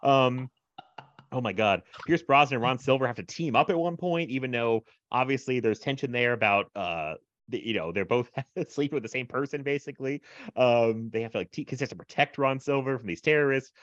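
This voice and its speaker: A man's voice: medium pitch, brisk, fairly bright tone, no echo, highs cut off. A man co-hosting a podcast in casual chat, rambling with lots of fillers and frequent laughs. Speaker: podcast co-host.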